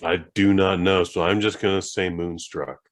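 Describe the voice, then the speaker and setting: Brief: relaxed low-pitched man, podcast co-host, jokey and self-deprecating. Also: moderate pace. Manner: easygoing, joking, self-deprecating. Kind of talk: casual chat.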